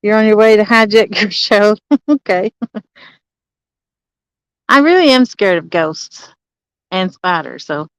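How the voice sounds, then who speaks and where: Chatty woman with a smooth voice. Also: mid-range voice, lively intonation, slow, pauses often, no room sound, poor audio. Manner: chatty, laughs often, greets viewers by name. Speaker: livestreaming angler. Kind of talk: casual live-stream chat. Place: campsite outdoors.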